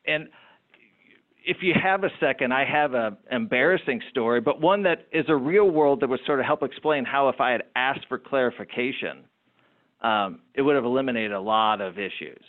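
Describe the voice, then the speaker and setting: Middle-aged male business-owner guest, lively anecdote-teller who stumbles over repeated words, heard through a thin phone-like line. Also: mid-range voice, normal speed. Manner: animated, repeats words while telling anecdotes. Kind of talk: interview storytelling. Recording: phone-like narrow sound.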